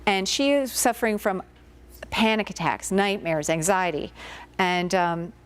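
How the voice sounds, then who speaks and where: A woman's voice: mid-range voice, measured pace, smooth. A woman hypnotherapist giving an informal guest lecture to students, talking conversationally and telling stories with plenty of filler words.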